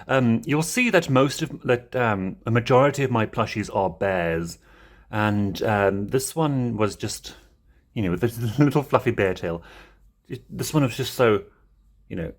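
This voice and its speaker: A man's voice: medium pitch, unhurried. A man casually showing his plush toy collection in a rambling way, chuckling often. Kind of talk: casual show-and-tell.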